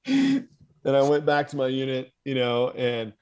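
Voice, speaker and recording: An American man, once a Marine officer, recounts his past in a relaxed conversational flow. He swears freely and often laughs at his own expense. His voice sits at an ordinary middle pitch for a man. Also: measured pace, smooth. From United States. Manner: candid and profane, laughing at himself. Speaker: podcast guest, former Marine officer. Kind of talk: casual storytelling in conversation.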